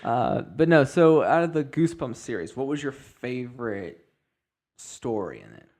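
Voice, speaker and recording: A man's voice: medium pitch, animated, moderate pace, a little mellow. Chatty male podcast host. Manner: chatty storyteller, acts out quoted voices. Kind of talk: casual chat.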